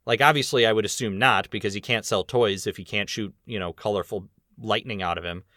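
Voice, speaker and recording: A man's voice: lowish voice, pushed and bright, no room sound, studio quality. A man hosting a podcast in casual chat, rambling and laughing easily between points. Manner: chatty, rambling, quick laughs. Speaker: podcast host.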